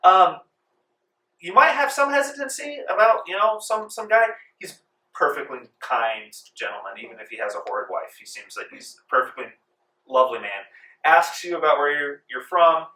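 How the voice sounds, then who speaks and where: A man narrating a tabletop game as game master, relaxed with many fillers. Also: a little high, moderate pace. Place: library room. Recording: echoey room from far off.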